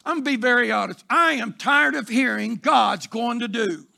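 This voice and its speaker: High, gravelly preacher man. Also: moderate pace. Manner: fervent preaching with shouted emphasis and repetition. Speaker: pastor. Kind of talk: sermon. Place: church sanctuary.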